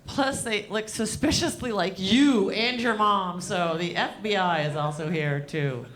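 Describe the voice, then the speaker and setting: Woman doing standup, dry deadpan delivery, swears a lot, mid-pitched voice, talks back to the crowd. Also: measured pace. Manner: deadpan, profane, riffs with the crowd. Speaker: stand-up comedian. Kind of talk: stand-up comedy set.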